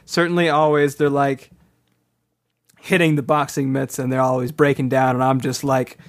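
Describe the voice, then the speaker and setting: A man's voice: mid-range voice, flat delivery, normal speed. A man in casual comedic chat, joking and laughing often as he riffs on interview answers. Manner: jokey, laughs often, playful voices.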